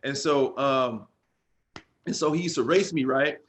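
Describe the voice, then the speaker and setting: A man at a middle pitch tells stories from his football days, relaxed and loose in his phrasing. He grows animated as he talks, with a guest's casual ease. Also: unhurried. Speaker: interview guest, former football player. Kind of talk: casual storytelling.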